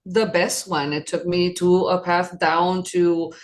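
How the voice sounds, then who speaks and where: A woman's voice: fairly low pitch, flat delivery, slow. A woman around sixty from New York City, sharing her personal story as an interview guest, earnest and reflective.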